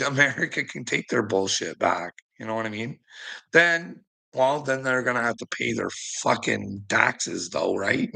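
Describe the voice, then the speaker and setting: A man's voice: medium pitch, gravelly, sharp tone, low-quality recording. A man ranting in a rambling monologue to his viewers, chuckling often, swearing freely and needling people by name. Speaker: streamer talking to chat.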